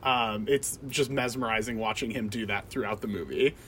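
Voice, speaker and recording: A man's voice: on the low side, moderate pace, a bit bright, a little hiss or hum. A man chatting about a film, emphatic, with lots of "like" fillers and laughter. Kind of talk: casual film discussion.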